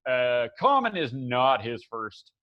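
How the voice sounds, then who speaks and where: A man's voice: mid-range voice, big pitch swings, takes it slowly. A man narrating a tabletop game as game master, rambling with many fillers and restarts, on a dull lo-fi recording.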